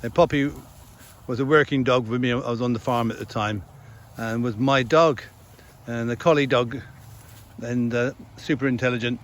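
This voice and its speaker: A man's voice: medium pitch, fairly even intonation, moderate pace. A man who farms, chatting casually outdoors in a field with his dog as he remembers the dogs he has had, laughing often. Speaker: farmer vlogger. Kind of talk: casual chat.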